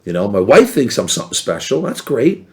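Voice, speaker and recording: A man chatting as a podcast guest, telling animated stories and acting out what other people said. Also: lowish voice, a little fast. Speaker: podcast guest, former reality show contestant. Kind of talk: casual storytelling chat.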